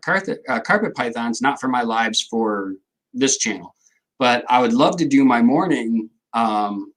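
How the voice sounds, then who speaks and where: A man's voice: medium pitch, rough recording. A middle-aged man, hosting a casual livestream, rambling and joking as he answers viewers' comments. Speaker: livestream host.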